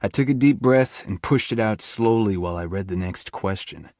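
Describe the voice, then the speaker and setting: A man's voice: on the low side, moderate pace, a little mellow. A man narrating a first-person audiobook chapter with a tense inner-monologue manner.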